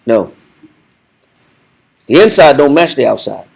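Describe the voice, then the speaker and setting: A man's voice: mid-range voice, expressive, a little slow, vocal fry, a little mellow, breathy edge. A man teaching a Bible study, directing a reader and repeating his points with commanding emphasis.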